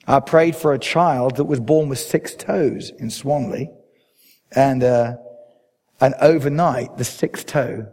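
English preacher in a reverberant hall. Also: male voice, unhurried, gravelly. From England. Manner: emphatic preaching with swells in pitch and loudness. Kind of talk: sermon.

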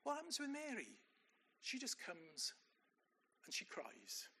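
A man's voice: high voice, wildly swooping pitch, slow pace, bright, forceful tone, slightly rough. An older man preaching a sermon in a conversational way, putting rhetorical questions to his congregation.

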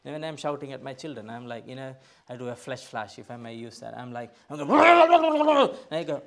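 A middle-aged man, a pastor, preaching a sermon in a church, emphatic, swinging from loud bursts to quiet asides. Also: mid-range voice, fairly even intonation, fast, vocal fry. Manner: emphatic, rising to loud bursts then dropping soft.

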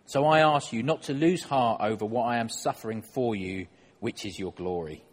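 A man's voice: mid-range voice, normal speed, long reverb tail. A man preaching a sermon in church, conversational and self-deprecating, putting questions to the congregation.

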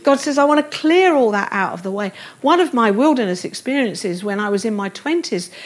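Woman preacher, middle-aged, earnest sermon delivery, slightly high pitch. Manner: earnest, reads scripture aloud with quiet tender emphasis.

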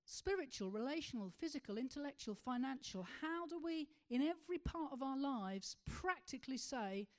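A woman preaching a sermon, asking rhetorical questions and slowing to stress key words. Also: high voice, animated, a little mellow.

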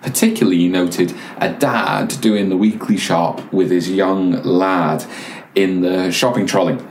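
A man preaching a sermon as pastor, measured, with pauses and repeated words. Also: sits low, fairly even intonation, roomy sound, slight background noise.

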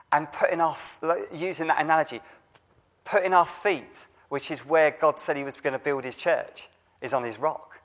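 A man with a fairly high voice delivers a sermon. He talks conversationally, often restarting his phrases as he tells a story to the congregation. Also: a bit bright. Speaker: preacher.

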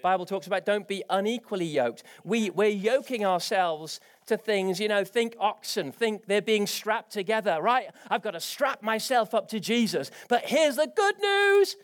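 A man delivering a lively church sermon, his voice pitched high for a man. He preaches with energy, pushing his delivery upward into eager exclamations as he drives each point home. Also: moderate pace, hardly any pauses. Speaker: pastor.

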